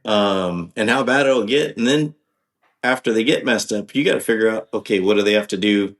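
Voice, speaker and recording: A man's voice: lowish voice, moderate pace, a bit bright. A man guesting on a podcast, talking casually in a rambling, hesitant way with many ums and restarts. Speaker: podcast guest, off-road driver.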